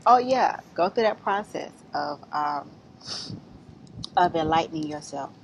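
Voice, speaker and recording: A woman's voice: low-pitched, measured pace, slight background noise, rough recording. Rambling, profane woman vlogging outdoors. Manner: rambling, blunt and profane, lively. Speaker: spiritual vlogger. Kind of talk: casual spiritual advice monologue. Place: outdoors among trees.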